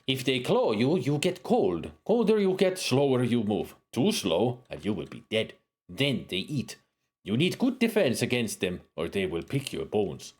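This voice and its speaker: A man's voice: medium pitch, big pitch swings, a little slow, a little mellow, slightly rough. A man voicing a proud spear-fighting warrior woman in broken English with a wandering put-on accent. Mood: warning. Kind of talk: reading game dialogue aloud in character.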